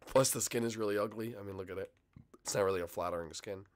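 A man's voice: fairly low pitch, fast. A young man hosting a casual behind-the-scenes video, rambling and self-deprecating, his voice strained. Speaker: channel host.

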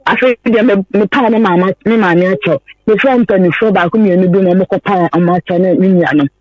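A woman's voice: medium pitch, fairly quick, no room sound, muffled recording. A woman from Ghana, a caller, earnestly recounting her personal story on a radio phone-in, pleading and repeating herself.

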